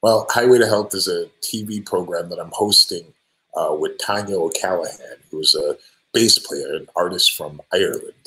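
A band singer answering fan questions on a live stream, friendly and relaxed, with many ums and restarts. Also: male voice, sits low, moderate pace, rough recording. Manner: friendly, thanks each fan by name.

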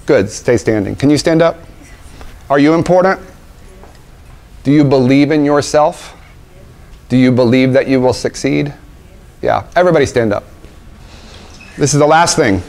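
A man's voice: medium pitch, normal speed, gravelly, long pauses, darkish tone. A man, an obstetrician, giving an emphatic motivational talk to a room of young parents, full of rhetorical questions and repetition. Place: conference room with audience.

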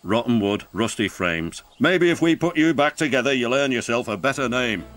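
A man's voice: mid-range voice, expressive, moderate pace, fairly bright tone, natural voice. A man voicing a stern, portly male railway boss in a storybook.

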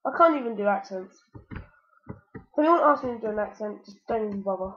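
A woman's voice: mid-range voice, a little fast, dull audio. A woman hosting a let's-play gaming commentary, talking to the game and yelping whenever she is in danger. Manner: excitable, talks to the game, yelps when in danger. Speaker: gaming channel host.

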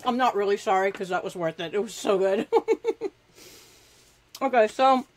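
A woman's voice: medium pitch, a little fast, low-quality recording. Woman, craft show host, chatty, self-deprecating, laughs a lot, talks while working. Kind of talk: live crafting demonstration.

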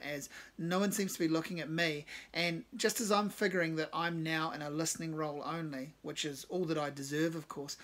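A man narrating his own short story in a measured, understated way. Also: fairly high pitch, fairly bright tone.

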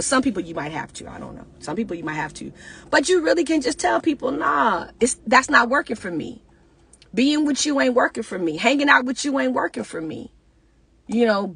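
Husky-voiced woman pastor, chatty preachy talk, dry close sound. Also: medium pitch, a bit bright, dry recording. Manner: conversational, preacherly, talks back to listeners. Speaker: pastor and speaker. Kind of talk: casual motivational talk.

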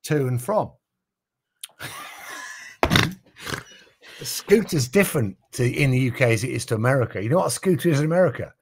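A British man, a racing driver and podcast guest, telling animated anecdotes with casual swearing. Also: mid-range voice, fairly quick, long pauses, heavy background noise. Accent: British English. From Britain. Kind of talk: storytelling in a podcast interview.

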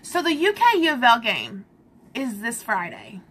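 A woman's voice: a little high, huge pitch swings, moderate pace, fairly bright tone, slight background noise. A woman hosting a casual live makeup stream, exasperated and laughing along.

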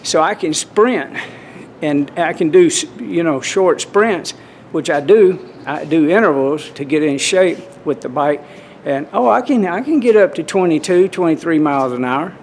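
A man's voice: a little high, animated, moderate pace, a little hiss or hum. A man, chatting casually to camera in a folksy, rambling way at a swimming pool. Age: 60s. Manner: rambling, folksy, restarts often. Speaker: vlogger.

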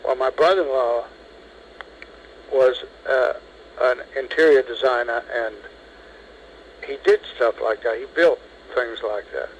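A man in his seventies, interviewed over the telephone, telling a long story in a lively way and acting out what others said. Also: mid-range voice, unhurried, pauses often, a little hiss or hum, rough recording. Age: 70s. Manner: lively storyteller, acts out quoted speech.

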